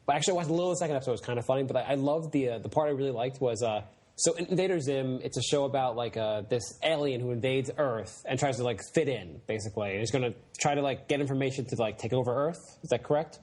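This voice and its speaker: A man with a husky, slightly breathy voice co-hosts a casual podcast chat. He rambles along with plenty of "like" and "uh", sitting at a middle pitch. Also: fast talker, a little mellow. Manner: rambling, many fillers, acts out silly voices when retelling scenes. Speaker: podcast co-host.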